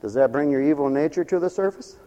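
A man's voice: on the high side, fast, warm tone, big-room sound. An older man preaching a sermon in a folksy, humorous storytelling way.

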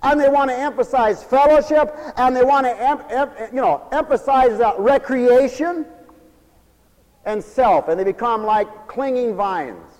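A man preaching a folksy, animated radio sermon with humorous asides. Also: extremely high pitch, a little slow, long reverb tail, rough recording.

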